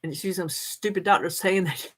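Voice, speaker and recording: A woman's voice: on the low side, steady tone, fast, fairly bright tone. A middle-aged woman, chatting casually with her viewers and laughing often as she answers their comments. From United States. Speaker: livestream host.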